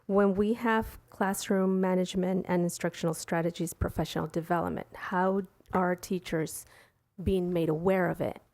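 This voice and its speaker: A woman's voice: on the low side, gravelly, darkish tone. A woman board member asking a question at a public meeting, hesitant with restarts.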